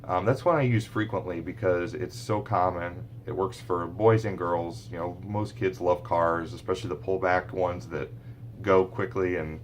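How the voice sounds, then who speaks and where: A man who works as a speech therapist, giving a relaxed, chatty talk to parents with many fillers and restarts. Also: sits low, normal speed, a little hiss or hum. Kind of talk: informal teaching talk to parents.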